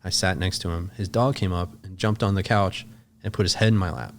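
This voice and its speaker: A man's voice: sits low, fairly even intonation, a little fast. A man, a podcast guest, telling a long story in casual, loose speech full of filler words and swearing.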